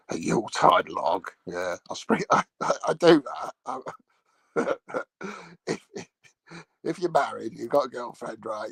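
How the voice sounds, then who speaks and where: A man with a gravelly, husky voice talks in a loose, crude ramble, chuckling at his own gags. The sound is dry and close, with no room around it. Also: on the low side, fairly bright tone, no room sound. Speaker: vlogger. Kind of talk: casual rambling monologue.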